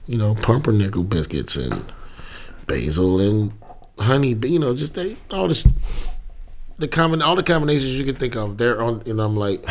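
A man in casual chat telling an animated, profane story. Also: medium pitch, normal speed. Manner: mimics people in voices while telling stories.

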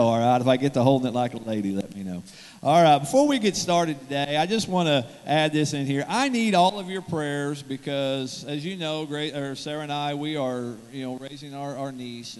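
Man, guest preacher, sermon, joking asides, slightly high voice, long church-hall reverb. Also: normal speed. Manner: joking, conversational, rambling asides. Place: church sanctuary. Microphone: handheld microphone.

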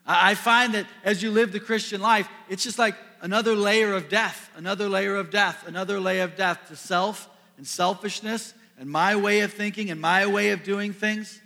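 High, bright-voiced preaching pastor. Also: male voice, fairly even intonation, moderate pace, vocal fry, few pauses. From US Midwest. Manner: earnest, builds to emphatic peaks then drops soft. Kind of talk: sermon. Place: church sanctuary. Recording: long reverb of a large hall.

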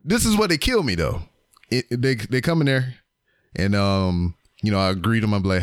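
A man's voice: on the low side, sing-song, moderate pace, no room sound, clean studio sound. A man co-hosting a casual wrestling podcast, talking loosely with trailing fillers and casual swearing. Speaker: podcast co-host. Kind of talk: casual chat.

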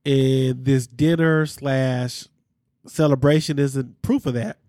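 A man's voice: medium pitch, darkish tone, no echo, studio quality. A man hosting a podcast, recapping reality TV in a candid, slangy way with asides to his listeners. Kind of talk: casual chat.

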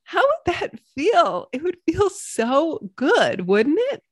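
A bubbly woman talks straight into her computer in a solo podcast, her pitch set a little high. Her voice swings widely as she slips into squealing cheerleader praise, and the sound is dry and close. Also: very animated, takes it slowly, dry recording. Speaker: podcast host and coach. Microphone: computer mic.

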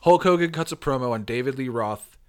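Man, excitable, casual host, laughs and swears, keyboard typing behind. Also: medium pitch, fairly quick, smooth. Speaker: podcast host. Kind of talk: casual commentary while typing prompts.

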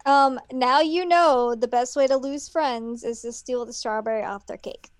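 High-voiced woman chatting on a podcast. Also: moderate pace, no echo. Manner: chatty, adds comments and agrees. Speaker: podcast co-host. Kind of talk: casual chat.

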